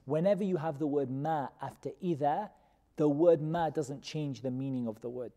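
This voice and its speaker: A man teaching a Quran commentary class, who questions his students and repeats key terms slowly. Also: fairly high pitch, mellow. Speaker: religious teacher. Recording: long reverb of a hall.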